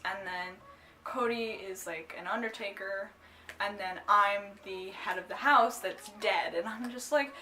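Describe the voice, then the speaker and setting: Young woman vlogger, bright tone, casual rambling storyteller with lots of "like", giggly. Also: mid-range voice, a little slow, soft background music. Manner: rambling, full of "like" and "um"; giggly, bursts into excited squeals. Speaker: cosplay vlogger.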